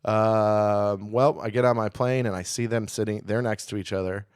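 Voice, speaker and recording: A man's voice: on the low side, fairly even intonation, moderate pace, darkish tone, smooth, no room sound, clean studio sound. A man co-hosting a comedy podcast, telling a long travel story in a casual, profane, self-deprecating way. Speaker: podcast co-host.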